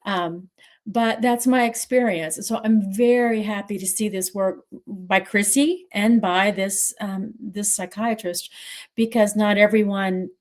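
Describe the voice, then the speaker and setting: A woman's voice: mid-range voice, steady tone. Earnest middle-aged woman recounting. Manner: earnest, reflective, pauses and restarts, voice rising with emotion. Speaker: livestream moderator telling her story. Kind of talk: personal storytelling on a livestream.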